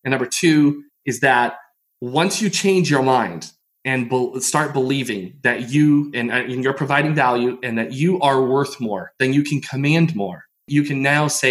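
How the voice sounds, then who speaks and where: A middle-aged man telling stories as a podcast guest, animated and quick to laugh. He acts out the people in his stories. His voice sits at a medium pitch. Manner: animated storyteller, laughs often, acts out quotes. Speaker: podcast guest, mindset coach. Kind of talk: casual interview storytelling.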